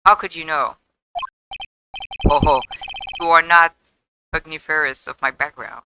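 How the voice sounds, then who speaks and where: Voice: medium pitch, a little slow, pushed and bright, slight background noise, poor audio. A streamer doing a pompous, smug game villain. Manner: pompous, florid, mock-polite. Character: pompous smug villain man, gentleman blackmailer.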